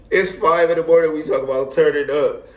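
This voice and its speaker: A young man telling a wild story in a casual, animated, slangy way, laughing often. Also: fairly high pitch, moderate pace. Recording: echoey room.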